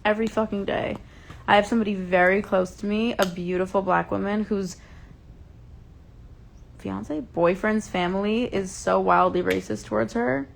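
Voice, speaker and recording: A woman's voice: mid-range voice, fairly even intonation, normal speed, vocal fry, a little hiss or hum. A young woman hosting a casual livestream from home, passionately ranting and swearing, openly upset. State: upset and enraged. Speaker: livestream host. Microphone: phone.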